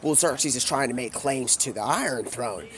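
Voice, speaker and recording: A man's voice: mid-range voice, moderate pace, a bit bright, a little hiss or hum. A man streaming live, improvising a rambling nonsense story, chuckling and restarting as he goes.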